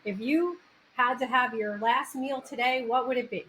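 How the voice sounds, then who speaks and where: A slightly high, fairly bright voice belongs to a New York–area podcast host with a New York Italian accent, speaking at normal speed. She conducts a casual interview animatedly, restarting sentences, on a rough backup-mic recording with faint background noise.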